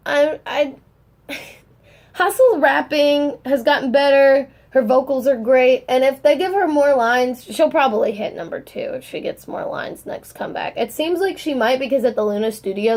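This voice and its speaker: A young woman vlogging in casual chat, gushing and excitable, rambling and swearing as she talks. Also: on the high side.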